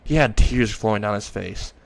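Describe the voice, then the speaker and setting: Low-voiced male narrator, improvising a fan story, rambles and self-corrects. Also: normal speed, vocal fry, a little hiss or hum.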